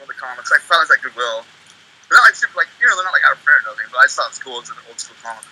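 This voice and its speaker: A man's voice: medium pitch, very animated, rapid-fire, sharp tone, husky, low-quality recording. A man rambling in a casual livestream chat. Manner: rambling, chatty.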